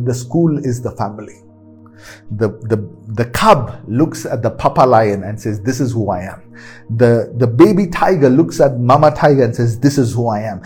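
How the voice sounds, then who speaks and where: A man's voice: medium pitch, darkish tone, husky. A man preaching a sermon, repeating key phrases with emphatic, rising delivery.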